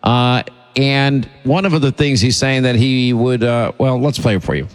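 A man's voice: medium pitch, measured pace, long reverb tail, soft background music. A man hosting a talk radio show, speaking in a blunt, indignant, rambling way.

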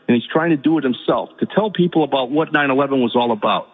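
A man calls in to a radio talk show, his husky voice thin and tinny over the phone line with a long reverb tail. He stumbles and repeats words as he goes, and his tone climbs to pleading. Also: medium pitch, fast talker. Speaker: caller. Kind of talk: emotional call-in story.

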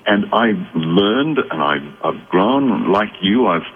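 A man who is a psychic guest on a radio call-in show, explaining in a measured, reflective way with restarts. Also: lowish voice, animated. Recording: tinny phone line with faint noise.

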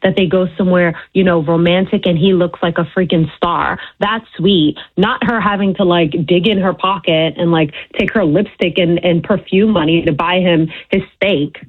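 A woman calling in to a radio show, blunt, opinionated and emphatic, with a husky voice over a phone line. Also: lowish voice, steady tone, normal speed, few pauses. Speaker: caller. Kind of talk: call-in radio debate.

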